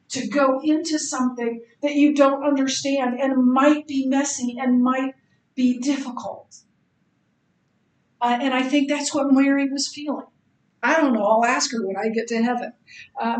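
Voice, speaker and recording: Slow-talking woman teaching a bible class, lots of ums, kinda high voice, roomy echo. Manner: halting, many ums and restarts. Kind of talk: Bible study lecture. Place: church classroom.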